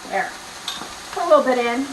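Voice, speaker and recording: A woman's voice: on the high side, expressive, a little fast, reverberant, background noise. A woman chatting casually in a rambling way while cooking at home for her vlog. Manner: chatty, rambling, laughs often. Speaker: vlogger. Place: home kitchen.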